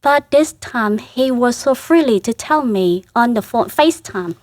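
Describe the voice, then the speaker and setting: A woman from Vietnam, a Catholic sister, speaking in a halting, earnest way and laughing softly between phrases as an interview guest. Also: a little high, animated, no echo. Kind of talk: casual interview.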